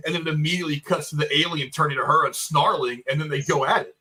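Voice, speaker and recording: A man co-hosting a casual movie review chat, animated and profane, acting out the lines he quotes. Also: on the high side, quick pace. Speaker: podcast co-host.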